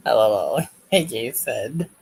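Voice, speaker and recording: A man hosts a casual crochet livestream from home, reading chat messages aloud and joking with viewers as he stitches. His voice is gravelly and a little husky, sitting at an ordinary middle pitch. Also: expressive, slow pace, poor audio. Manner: chatty, jokey, reads chat aloud while crocheting.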